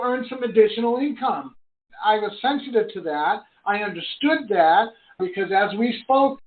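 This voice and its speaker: On a live conference call heard through a thin, tinny phone line, a middle-aged business coach recounts a story sincerely. Excitement pushes his otherwise low voice up high.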